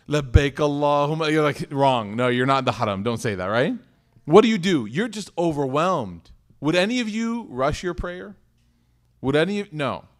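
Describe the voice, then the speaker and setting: A man in his thirties, an Islamic teacher, delivers a conversational sermon at medium pitch. He asks the audience questions and acts out little dialogues in other voices.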